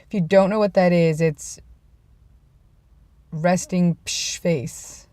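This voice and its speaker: A woman's voice: lowish voice, steady tone, takes it slowly, no echo. A young adult woman telling rambling, self-deprecating stories in a casual vlog. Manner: rambling, self-deprecating, drops to a hush for quoted lines. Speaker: vlogger.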